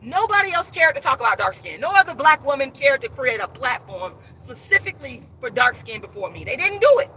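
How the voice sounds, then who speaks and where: Addressing her viewers as "y'all," this woman author and activist delivers a fired-up live-stream monologue, preachy and emphatic, doubling up words as her passion builds. She talks in a high, very animated voice, fairly quick with hardly any pauses, pushed and bright. There's a faint hiss or hum.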